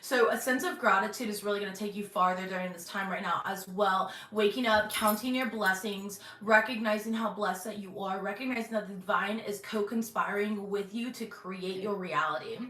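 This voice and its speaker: A woman hosting her channel from her bedroom, giving a casual intuitive tarot reading, chatty with many "um"s and throat-clearings. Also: medium pitch, normal speed, hardly any pauses, bright, forceful tone. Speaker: tarot reader and channel host. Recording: echoey bedroom, faint background hum.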